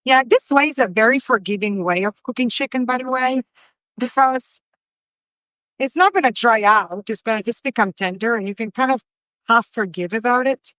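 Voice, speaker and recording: A woman's voice: fairly high pitch, normal speed, fairly bright tone, no echo, rough recording. A woman hosting a live cooking stream from her home kitchen, chatty and effusive as she cooks and reads viewer comments aloud. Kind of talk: casual live-stream chat while cooking.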